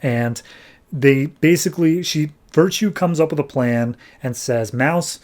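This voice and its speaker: A man's voice: fairly high pitch, unhurried, darkish tone. A man hosting a comics podcast, recapping an issue in a loose, conversational way with plenty of fillers. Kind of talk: casual comic book recap.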